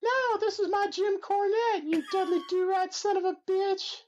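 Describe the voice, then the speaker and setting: A squeaky cursing manager. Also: male voice, steady tone, normal speed, highs cut off, slight background noise. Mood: mocking. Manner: high squeaky falsetto, insulting. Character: squeaky-voiced cursing male wrestling manager. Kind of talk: comedy podcast impression.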